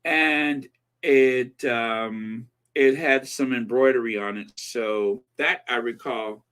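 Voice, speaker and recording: A man's voice: medium pitch, slow, fairly bright tone, clean tone. A man hosting a livestream, reading viewer comments in a chatty, rambling way and thinking aloud. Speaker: livestream host reading chat. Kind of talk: casual chat.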